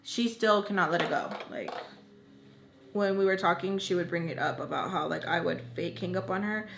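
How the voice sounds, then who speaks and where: Animated young woman telling a story. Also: lowish voice, moderate pace, vocal fry. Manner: animated, heavy use of "like", acts out angry phone calls. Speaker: storytime vlogger. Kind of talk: casual storytelling. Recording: echoey room, faint noise.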